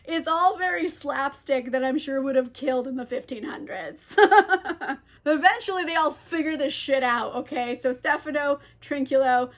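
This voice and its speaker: Tipsy woman with a high giggly voice. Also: moderate pace. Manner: giggly, swears a lot, heavy use of like. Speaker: book video creator. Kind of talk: casual comic retelling.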